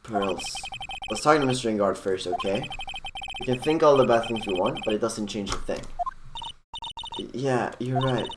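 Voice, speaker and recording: A man's voice: fairly low pitch, animated, brisk, noisy background. Man reading a game aloud, distant mic. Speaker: streamer reading a visual novel aloud. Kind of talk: casual game reading with asides.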